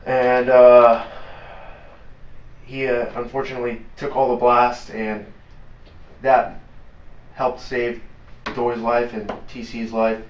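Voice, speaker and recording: A man recounting a combat story in an interview, blunt and profane, halting often with fillers. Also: medium pitch, little pitch movement. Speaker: interview guest, former Navy SEAL. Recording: roomy, distant, dull lo-fi sound.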